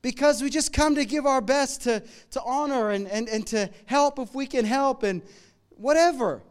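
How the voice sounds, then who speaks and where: A middle-aged man preaching a sermon in a conversational, humorous way, moving between loud emphatic lines and quiet asides. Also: very high-pitched, normal speed, smooth. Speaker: pastor.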